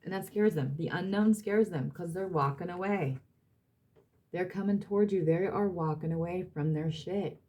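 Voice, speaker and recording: A woman's voice: lowish voice, moderate pace, dark tone. A woman reading tarot cards for her audience, emphatic and blunt, repeating herself and swearing now and then. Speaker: tarot reader.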